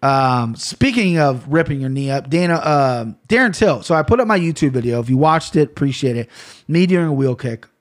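A man talking to camera in a casual solo rant, rambling and cursing freely, with bursts of loud mock outrage. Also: mid-range voice, expressive, moderate pace. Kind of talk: casual solo rant about gear and fight news.

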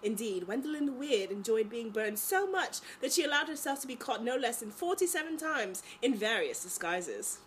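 A woman's voice: on the high side, big pitch swings, normal speed, few pauses, a little hiss or hum. A woman reading a book passage aloud in a playful, put-on British accent. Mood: amused reading.

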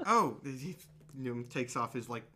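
A man's voice: medium pitch, expressive, measured pace, pushed and bright, slight background noise. Brief: man running a tabletop game, loose, talkative, laughs a lot. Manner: rambling, laughs often, filler-heavy. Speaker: game master.

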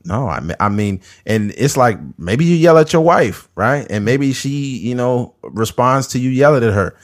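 A man's voice: medium pitch, lively intonation, moderate pace. A man in his thirties hosting a podcast in casual chat, blunt, profane and emphatic. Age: 30s. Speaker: podcast host.

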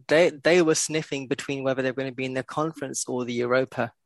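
A man's voice: medium pitch, steady tone, quick pace, no room sound. A man co-hosting a podcast, talking football in a blunt, sweary way and laughing often. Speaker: podcast co-host. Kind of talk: casual football chat.

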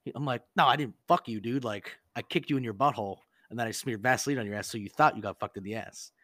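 A man's voice: mid-range voice, quick pace, a bit bright, dry recording, studio quality. A man casually telling a crude prank story on a podcast, rambling and profane, full of "like" and acted-out quotes.

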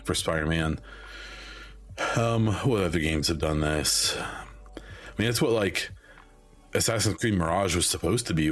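A man with a very low voice talks through a solo podcast in loose, rambling chat, full of fillers and restarts. His voice is wearing thin as though he is losing it. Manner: rambling, many ums and restarts. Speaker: podcast host. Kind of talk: casual solo podcast talk.

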